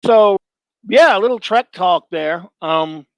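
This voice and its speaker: Higher-voiced middle-aged man, blunt. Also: animated, takes it slowly, no echo, highs cut off. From Louisiana. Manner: blunt and opinionated, rambling with restarts. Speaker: show host. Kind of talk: casual live-show monologue, answering chat.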